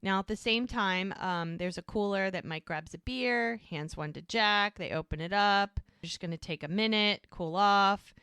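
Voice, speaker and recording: A woman with a medium-pitched, clean voice co-hosts a podcast, recapping a TV episode in casual chat and acting out the characters' lines as she retells it with animation. She talks at normal speed with few pauses, in studio-quality audio with no echo.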